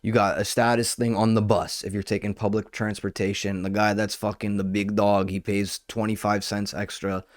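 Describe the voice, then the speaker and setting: In a home kitchen, a young podcast host who works nightclub door staff tells a casual story about his job, rambling, animated and profane. His fairly low voice moves at a moderate pace with few pauses, and the recording is dry and studio quality.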